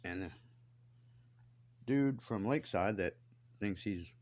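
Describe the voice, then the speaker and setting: A man's voice: on the low side, takes it slowly, darkish tone. A man ranting to the camera in a blunt, defiant way, swearing heavily as he tells his grievances. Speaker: vlogger. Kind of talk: angry profane rant to camera.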